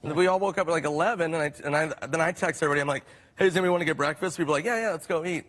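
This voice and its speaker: A man telling a tour story in a chatty, quick-fire way. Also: fairly high pitch, a bit bright. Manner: quick, chatty, halting restarts. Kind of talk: casual anecdote telling.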